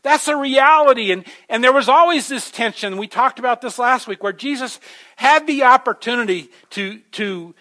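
A man preaching a sermon in a conversational way, restarting phrases, rising to emphatic peaks and then dropping low. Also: moderate pace, bright, forceful tone. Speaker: pastor.

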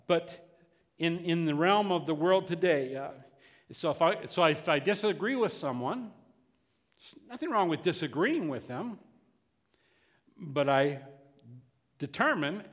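Conversational preacher in a reverberant hall. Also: male voice, a little high. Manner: conversational, with frequent restarts and repeated words. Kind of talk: sermon.

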